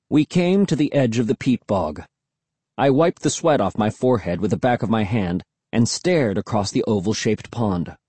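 A man reading a first-person story aloud in a lively, expressive way. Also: mid-range voice, no echo. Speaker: audiobook narrator.

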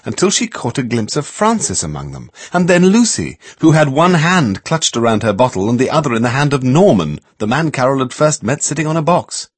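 Guy reading a storybook aloud, husky voice, really animated, dry close sound. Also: mid-range voice, no echo. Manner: expressive storyteller doing many voices. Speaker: narrator. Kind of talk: audiobook narration.

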